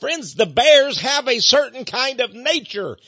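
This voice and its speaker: An older man hosts a radio show with an extremely high, sing-song voice and a slightly slow pace. His preachy monologue swings between hushed asides and emphatic declarations, punctuated by frequent chuckles, over a dull lo-fi broadcast with no echo.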